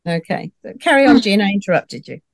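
A woman's voice: mid-range voice, sing-song, quick pace, vocal fry, no room sound, studio quality. A woman leading a casual book club discussion, inquisitive and prompting the others with questions.

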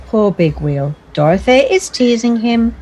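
A woman narrating a children's bedtime story in a gentle, expressive storytelling manner. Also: fairly high pitch, a little slow, soft background music.

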